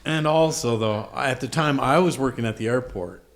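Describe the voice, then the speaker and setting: Man of middle pitch, plain matter-of-fact delivery, co-telling a testimony. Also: moderate pace. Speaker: husband joining a church testimony. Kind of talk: conversational testimony.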